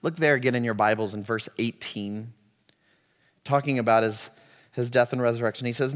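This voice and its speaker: A man preaching a sermon as pastor, moving from quiet, reflective passages to loud, impassioned ones. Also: medium pitch, steady tone, normal speed. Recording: long hall reverb.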